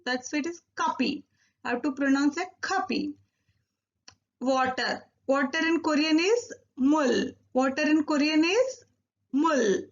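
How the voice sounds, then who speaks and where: A woman teaching a recorded Korean lesson, repeating each word slowly and drilling syllables one by one. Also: high voice, lo-fi sound.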